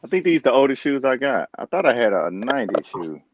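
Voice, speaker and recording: Lively, animated man on a dry mic. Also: mid-range voice, quick pace, no echo, lo-fi sound. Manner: animated, laughs a lot, slangy. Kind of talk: casual panel chat.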